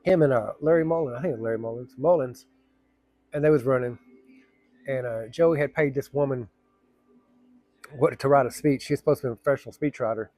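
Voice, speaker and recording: A man casually telling a long story, rambling and colloquial, with rough language. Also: mid-range voice, a little fast, long pauses, dark tone, no echo.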